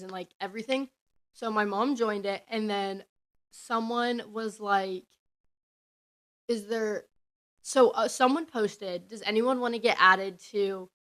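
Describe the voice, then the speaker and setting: A woman's voice: mid-range voice, sharp tone. A young woman, telling a story on her podcast in a rambling, chatty way full of "like"s. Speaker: podcast host. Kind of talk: casual storytelling.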